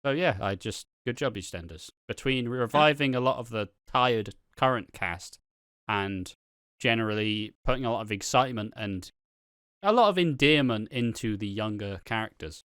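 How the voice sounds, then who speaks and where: A man co-hosting a casual TV review podcast, animated and sweary. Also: lowish voice, moderate pace, clear, resonant tone, no room sound, clean studio sound. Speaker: podcast co-host. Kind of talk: casual chat.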